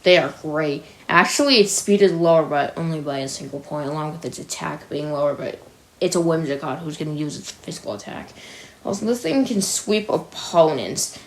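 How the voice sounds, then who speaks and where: Chatty young woman ranking game monsters. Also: deep voice. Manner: chatty, opinionated, laughs at own jokes. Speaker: gaming video creator. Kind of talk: casual ranking commentary.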